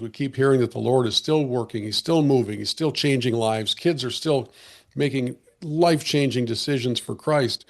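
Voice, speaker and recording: Earnest man host, slightly hoarse. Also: medium pitch, darkish tone. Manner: earnest, with frequent restarts and fillers. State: losing his voice. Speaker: podcast host. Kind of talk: reflective podcast conversation.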